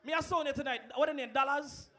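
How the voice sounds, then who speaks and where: A man's voice: very high-pitched, steady tone, quick pace. A man acting as MC at a sound clash, announcing the round results and chatting loosely to the crowd. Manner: loose, laughing chat broken by loud crowd calls. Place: live dance event.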